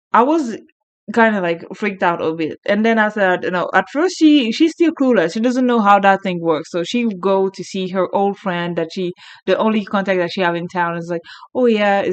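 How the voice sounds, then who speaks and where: A woman vlogger chatting casually, frank, crude and rambling. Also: medium pitch. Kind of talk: casual unscripted chat. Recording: muffled lo-fi sound.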